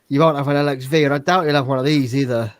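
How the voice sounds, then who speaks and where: A man's voice: medium pitch, steady tone, racing, no room sound. A man co-hosting a casual live stream, chatty and showing off his things, calling people "mate". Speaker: podcast co-host.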